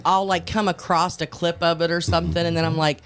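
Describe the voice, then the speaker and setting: A woman co-hosting a radio show, chatting animatedly and jumping in with quick agreement. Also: fairly low pitch, flat delivery, faint music behind. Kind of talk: casual radio chat. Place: radio studio.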